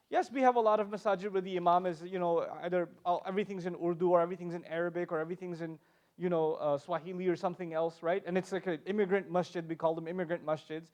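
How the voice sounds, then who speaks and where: High-voiced, animated male panel speaker. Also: quick pace. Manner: animated, emphatic, joking asides. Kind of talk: passionate lecture talk.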